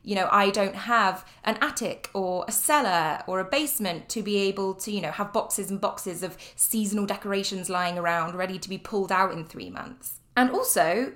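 A woman's voice: mid-range voice, normal speed, hardly any pauses, fairly bright tone. Chatty young British woman hosting a podcast. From United Kingdom. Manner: chatty and upbeat, with frequent fillers and light laughs. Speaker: podcast host. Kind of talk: casual solo podcast chat.

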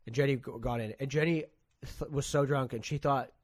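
A man's voice: mid-range voice, fairly even intonation, fairly quick, no room sound. Young man from canada, casual rambling story, dry close sound. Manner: rambling storytelling, lots of swearing and "like". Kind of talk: casual chat.

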